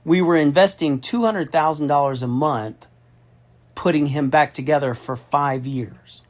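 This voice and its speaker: A middle-aged man from Austin, Texas, who works as a federal contracting consultant, tells a story over the phone. His voice sits fairly high and his pace is unhurried, and he is profane and emphatic.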